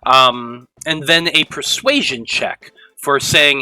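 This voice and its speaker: A man narrating as game master of a tabletop role-playing game, rambling with halting restarts. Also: mid-range voice, pushed and bright, rough recording.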